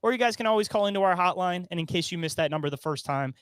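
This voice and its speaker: A man's voice: high-pitched, very fast, fairly bright tone, clear, resonant tone, no room sound. A man co-hosting a casual comedic podcast, joking and laughing often. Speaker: podcast co-host.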